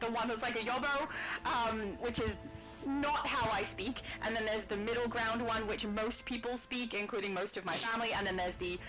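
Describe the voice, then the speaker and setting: Aussie woman streaming a game, kinda high voice, rambles a lot and laughs, game music going. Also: fairly even intonation, moderate pace, low-quality recording. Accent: Australian. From Australia. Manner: rambling, chatty, laughs often. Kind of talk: casual live-stream chat while gaming.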